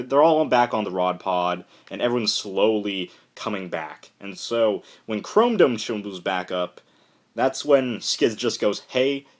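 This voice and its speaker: Young adult man, slightly low voice, casual comic review, rambling and excitable, heavy on fillers.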